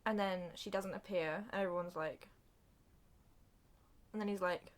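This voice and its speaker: A young woman recapping a film plot for comedy, acting out the characters' lines in an animated way. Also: medium pitch, a little slow. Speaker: video reviewer.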